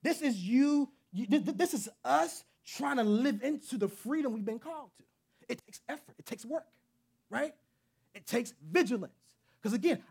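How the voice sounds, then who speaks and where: A man's voice: extremely high pitch, animated, normal speed, vocal fry, a bit bright, slightly rough. A man preaching a sermon, earnest and conversational, with repetitions that build to emphatic peaks. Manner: earnest, repeating himself, rising to emphatic peaks.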